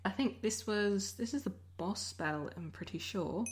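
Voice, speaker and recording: A woman's voice: mid-range voice, normal speed. An Australian woman giving casual commentary over her recorded gameplay, rambling and often breaking off mid-sentence. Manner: rambling, self-interrupting, chatty. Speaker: Minecraft let's player.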